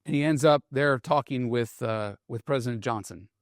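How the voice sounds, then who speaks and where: A man giving a conversational talk on military leadership, animated and checking in with the audience as he tells the story. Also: mid-range voice, normal speed, no room sound, studio quality. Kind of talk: storytelling talk with read-out quotes.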